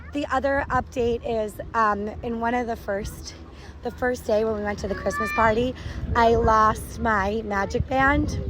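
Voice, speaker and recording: A woman's voice: mid-range voice, background noise. A woman in her thirties chatting on the go about a family park day, upbeat and rambling with self-corrections, sometimes out of breath from walking. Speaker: podcast host vlogging a family park trip. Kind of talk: casual on-the-go audio diary. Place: outdoors at a theme park, walking.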